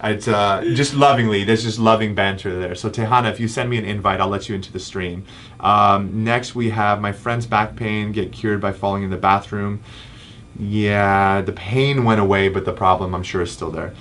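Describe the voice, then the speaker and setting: Lowish and steady, his fairly bright voice keeps a normal speed over a light hiss or hum. He's a chiropractor in his thirties answering viewer comments in a casual live Q&A, with frequent ums.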